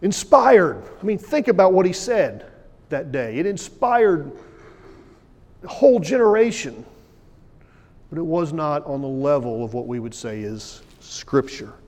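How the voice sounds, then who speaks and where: A man's voice: a little high, expressive, a little slow. Man preaching in a reverberant hall. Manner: emphatic preaching with big swings from loud to hushed. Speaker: pastor. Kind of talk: sermon. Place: church sanctuary. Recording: long church hall reverb.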